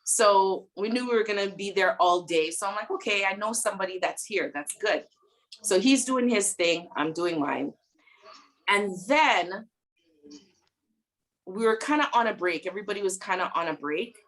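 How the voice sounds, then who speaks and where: A woman guest in a casual interview, retelling a story in an animated, dramatic way and laughing often. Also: mid-range voice, moderate pace.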